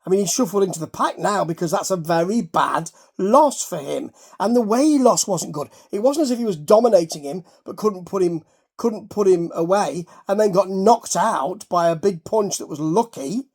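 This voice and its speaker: A man's voice: sits high, expressive, normal speed, a little mellow, husky. A man hosting a casual boxing chat, rambling and correcting himself as he goes. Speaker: host.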